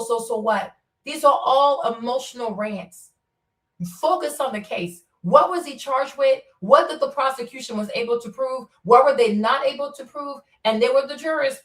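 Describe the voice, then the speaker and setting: A middle-aged woman hosting a solo commentary, talking in an emphatic, repetitive, lecturing way. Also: high-pitched. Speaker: commentary show host. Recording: echoey room, mic at a distance.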